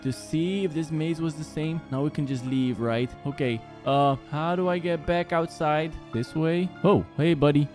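A man's voice: a little high, moderate pace, few pauses, darkish tone, faint music behind. Jumpy young man narrating a horror game. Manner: jumpy, exclaiming, talks to viewers. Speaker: gaming channel host. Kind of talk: live game commentary.

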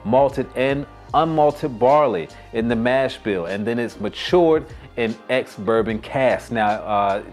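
A man hosting a casual whiskey review vlog, chatty and joking with quick asides. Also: mid-range voice, a little mellow. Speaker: host.

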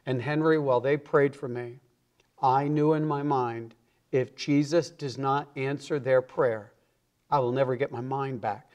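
A man's voice: medium pitch, fairly even intonation, measured pace, darkish tone, dull audio. Earnest man telling his testimony. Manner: earnest storyteller who acts out the quoted voices. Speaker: evangelist guest. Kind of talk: personal testimony in a TV interview.

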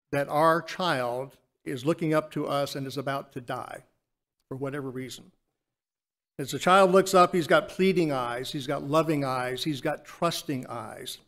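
Man, church speaker, earnest reflection, slightly high pitch, slows to stress phrases. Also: fairly bright tone. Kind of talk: Lord's Supper reflection. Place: church sanctuary.

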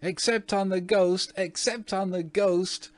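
A man puts on a pair of rowdy little boys in a classic storybook reading. Their voices leap far up and come out loud and shrieking, all excitement and mischief. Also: high-pitched, unhurried, no room sound, pitched above the performer's own voice. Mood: gleeful. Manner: shrieking, exclaiming. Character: excited young boy twins, mischievous.

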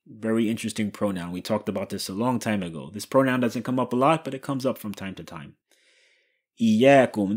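A man with a low, slightly husky voice teaches a grammar lesson. He poses questions to his listeners, then answers them himself, slowly repeating the key phrases so they sink in. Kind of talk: explanatory lesson.

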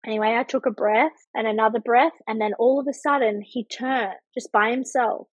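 A slightly high-voiced woman in her thirties recounts a personal story as a podcast guest, animated and full of fillers, often acting out what she thought at the time. Her voice has a husky, breathy edge, and the recording is dry and close. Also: normal speed, dry recording, dull audio. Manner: animated, vivid retelling with many fillers and acted-out thoughts. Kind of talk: personal storytelling in a casual chat.

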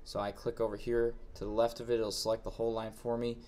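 A man reading each step of a software exercise aloud, then thinking aloud as he walks through it on screen. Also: medium pitch, flat delivery, quick pace. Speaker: instructor. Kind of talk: screen-recorded software tutorial.

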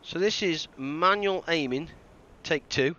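A man's voice: fairly high pitch, slow pace, sharp tone, lo-fi sound. A man doing live commentary on a game he is playing, thinking aloud and joking at his own mistakes. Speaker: game streamer.

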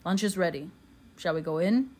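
A woman's voice: lowish voice, normal speed, dark tone, slightly rough. A woman reading a cool, clipped English husband. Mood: cool, distant.

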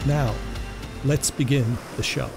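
A man's voice: mid-range voice, steady tone, takes it slowly, creaky. A man reading a scripted show introduction as announcer. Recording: announcement over guitar music.

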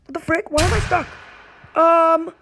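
A woman commentating her own gameplay for viewers, reacting in a jumpy, excitable way and talking straight to them. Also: extremely high pitch, measured pace, a little hiss or hum, rough recording. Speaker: gaming video host.

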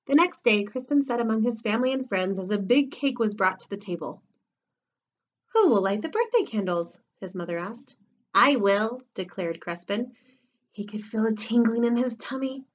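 A preschool teacher reading a picture book aloud to young children. Her voice rises and falls widely, and she reads with animated, expressive timing to keep little listeners hooked. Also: medium pitch. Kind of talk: storybook read-aloud for children.

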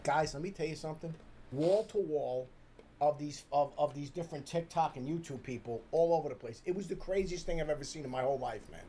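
Middle-aged guy, high voice, loud cursing rants on a stream, bit of hiss behind. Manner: loud, profane, ranting, rapid repeated questions. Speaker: streamer's father, co-host. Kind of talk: casual reaction-stream chat.

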